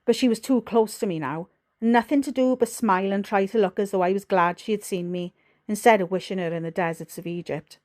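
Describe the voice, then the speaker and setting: A woman with a Welsh accent narrating an audiobook in a steady, measured way. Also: mid-range voice. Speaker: audiobook reader.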